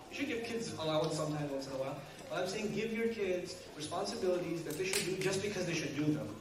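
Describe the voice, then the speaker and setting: Man, high voice, lively joking lecturer, distant mic in a very echoey hall. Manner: animated, joking, acts out family scenes. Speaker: Islamic speaker. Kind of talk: lecture to an audience.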